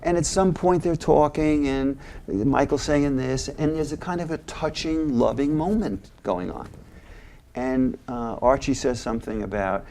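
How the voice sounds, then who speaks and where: There's slight background noise as an older man, a former mental health agency head, tells stories in an interview. His medium-pitched voice moves at a moderate pace, and he's animated, impersonating voices while retelling scenes.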